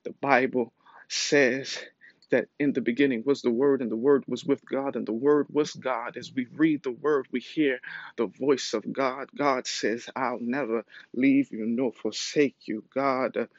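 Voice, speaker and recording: A man preaching a sermon with measured, emphatic repetition and frequent pauses and fillers. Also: medium pitch, fairly even intonation, no room sound, lo-fi sound.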